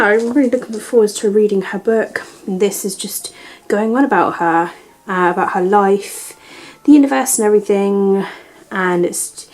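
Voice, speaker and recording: A woman's voice: mid-range voice, a little hiss or hum, poor audio. Gushing young British woman unboxing. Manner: gushing, excitable, drops into breathy whispers of delight. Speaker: book vlogger. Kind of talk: unboxing and book haul chat.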